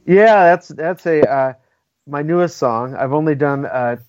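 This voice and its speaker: A man's voice: on the high side, a little slow, a little mellow, no room sound. A man from California speaking as an interview guest, emphatic and opinionated, often tagging his points with "right?". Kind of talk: casual conversational interview. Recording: dull, lo-fi dry audio.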